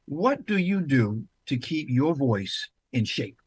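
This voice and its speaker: A man's voice: mid-range voice, very animated, slow pace, breathy edge, dry recording. A man hosting an interview show, effusive and repeating his praise. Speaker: talk show host.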